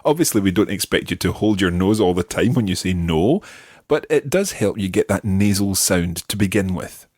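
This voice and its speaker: Husky-voiced man teaching at a patient pace. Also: low voice, animated, darkish tone, no room sound. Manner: patient, explanatory, models words slowly for repetition. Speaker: language teacher and host. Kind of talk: scripted audio language lesson.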